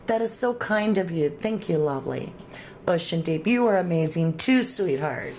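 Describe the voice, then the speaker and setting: A woman's voice: fairly low pitch, animated, normal speed, darkish tone, slight background noise. A woman hosting a true crime livestream, reading viewer comments aloud and chatting casually, thanking viewers with endearments.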